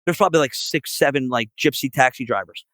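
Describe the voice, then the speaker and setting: A man's voice: medium pitch, fast, fairly bright tone, no room sound, rough recording. Profane, rambling man. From Philadelphia area. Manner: profane, rambling, heavy on filler words. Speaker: guest musician. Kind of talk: casual podcast storytelling.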